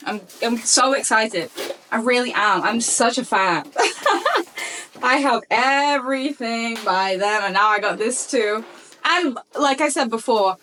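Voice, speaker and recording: A young woman vlogger talks straight to her viewers in a casual unboxing chat. Her voice sits a little high, and she gushes with excitement in quick, eager bursts. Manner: gushing, excitable, fast bursts of chatter. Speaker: beauty vlogger.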